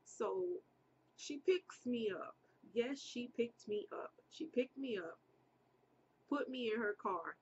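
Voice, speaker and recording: A woman's voice: fairly high pitch, lo-fi sound, a little hiss or hum. A woman casually telling a personal story to viewers, chatty, repeating herself and speaking straight to her audience.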